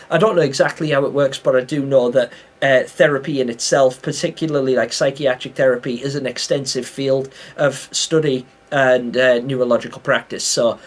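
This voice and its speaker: A young British man streaming a game live, chatting casually, reading the chat aloud and laughing often. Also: mid-range voice.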